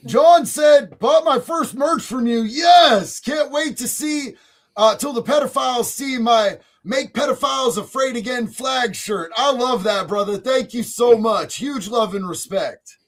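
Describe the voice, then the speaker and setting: A man hosting a live stream, reading chat messages aloud in a loud, excitable way, often shouting. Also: extremely high pitch, measured pace.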